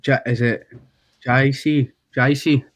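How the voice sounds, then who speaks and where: A man's voice: medium pitch, fairly even intonation, takes it slowly, no room sound, rough recording. A young Scottish man, a rapper guest in a casual interview, laid-back and slangy. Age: young adult.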